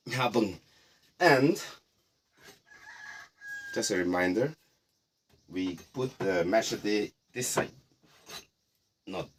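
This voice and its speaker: Showing visitors around a heritage house, this middle-aged Nagaland guide speaks in a low voice, relaxed and explanatory, with playful asides. A little hiss or hum runs through the audio.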